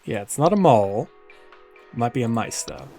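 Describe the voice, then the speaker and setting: A man's voice: mid-range voice, wildly swooping pitch, moderate pace, gravelly, dark tone, faint music behind. A man playing a video game and thinking aloud in casual, self-deprecating commentary.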